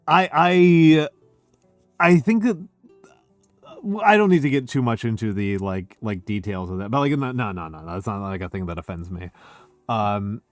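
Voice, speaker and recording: A tipsy man talks in a low, close and dry voice over faint music. He rambles and piles up fillers, but stays emphatic as he makes his point. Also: normal speed, dry recording. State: tipsy, hiccuping. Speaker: streamer. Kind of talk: casual chat.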